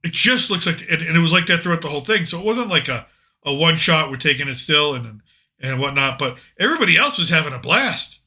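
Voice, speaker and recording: A man's voice: a little high, expressive, quick pace, bright, forceful tone. A man hosting a podcast, chatting casually and jokingly about politics with rambling, opinionated asides. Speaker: podcast host.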